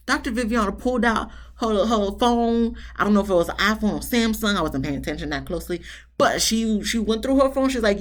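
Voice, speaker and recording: A woman's voice: mid-range voice, expressive, fairly quick. A woman reviewing a reality TV episode in casual, blunt, sassy commentary with slang and exasperated rants.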